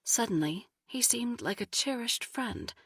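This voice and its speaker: A woman reading an audiobook as narrator, in measured scripted narration with a breathy voice. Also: on the high side, lively intonation, fairly bright tone, no room sound, clean studio sound. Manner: slow, measured delivery.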